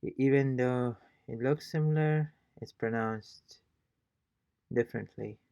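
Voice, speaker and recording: Slow, gravelly man teaching a lesson. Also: mid-range voice, warm tone, no room sound. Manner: hesitant, thinking aloud with many fillers. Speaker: self-taught Spanish learner teaching a lesson. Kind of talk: casual language lesson.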